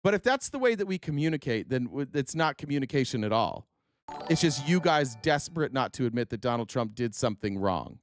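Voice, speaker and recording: A man's voice: medium pitch, very animated, a little fast, a little hiss or hum. A man from Utah hosting a casual political livestream, reading viewers' chat comments aloud and answering them with sarcasm. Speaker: livestream host.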